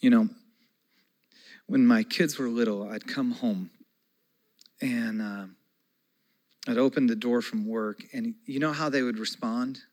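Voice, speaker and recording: A pastor in his forties preaches a conversational sermon, shifting between soft, slow passages and loud, excited ones. His voice is mid-range, and the recording quality is low.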